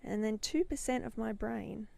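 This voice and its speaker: A middle-aged woman, a podcast host and business mentor, tells a personal story with mounting intensity, her voice swelling dramatically at the peaks. Her pitch is fairly high, with vocal fry, a dark tone, and a moderate pace.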